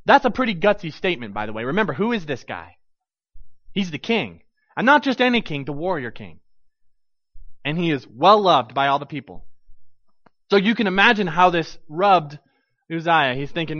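A man preaching a sermon who retells a scripture story dramatically, swinging from loud bursts to hushed low lines. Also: lively intonation, moderate pace, no room sound. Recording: dull lo-fi dry recording.

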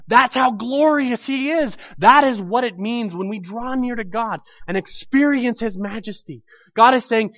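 High-voiced man preaching a lively sermon. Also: normal speed, no echo, dull audio. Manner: animated storytelling, acts out quoted voices.

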